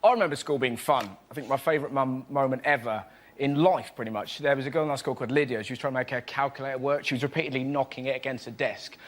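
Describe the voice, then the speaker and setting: A man doing an excitable stand-up routine on a panel show, acting out voices in shrieks. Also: mid-range voice, fast talker. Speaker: comedian panelist. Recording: live studio audience with heavy noise.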